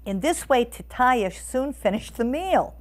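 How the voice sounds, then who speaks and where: A woman reading a storybook aloud to listeners as the storyteller, expressive and animated. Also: fairly high pitch, measured pace.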